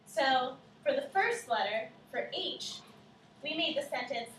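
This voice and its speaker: A woman co-teaching a class, explaining clearly step by step and asking the children questions. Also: sits high, lively intonation, measured pace, a bit bright, slight background noise. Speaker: student teacher. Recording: echoey classroom from far off.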